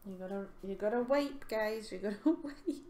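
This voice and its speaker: An art streamer with a mellow, medium-pitched voice chats casually with viewers from her home studio at a moderate pace. She giggles and answers chat questions with plenty of ums. The recording is roomy, with faint ambience.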